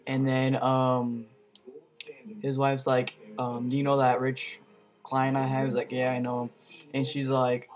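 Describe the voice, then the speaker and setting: Casual reviewer, male, monotone delivery, loose rambling retelling full of "um" and "like". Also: mid-range voice. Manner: rambling, full of fillers and slang. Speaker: movie reviewer.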